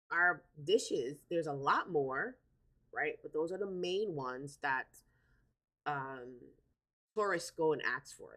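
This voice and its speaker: A woman hosting a casual live stream, chatting in a relaxed way, repeating words and filling pauses with "um". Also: sits low. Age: adult with a daughter. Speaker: livestream host.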